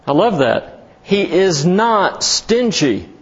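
A man preaching a sermon as pastor, slow and emphatic, lifting his voice on key words. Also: high voice, big pitch swings, breathy edge, dull audio.

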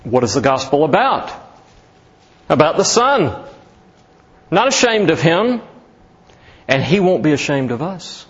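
Slow, husky-voiced male preacher. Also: big pitch swings, highs cut off. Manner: slow, emphatic preaching with rising pitch on key words. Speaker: pastor. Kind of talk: sermon.

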